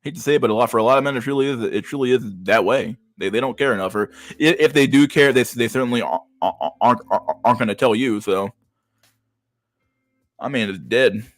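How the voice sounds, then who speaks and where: A man's voice: medium pitch, a little fast, no echo, faint music behind. A man streaming and reacting to chat messages in a blunt, profane way, often stumbling and repeating words. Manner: profane, blunt, restarts a lot. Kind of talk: casual livestream chat.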